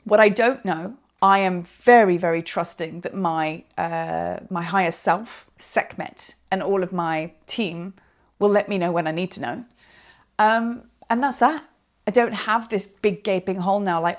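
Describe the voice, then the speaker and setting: Woman, spiritual teacher, casual rambling monologue outdoors, animated. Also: medium pitch, moderate pace. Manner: chatty, rambling, animated, with laughs and trailing asides. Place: outdoors on a hilltop.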